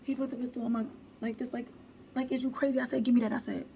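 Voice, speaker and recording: A woman vlogger telling a storytime monologue in slangy, animated talk, acting out the quotes. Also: a little high, fast, gravelly, slight background noise.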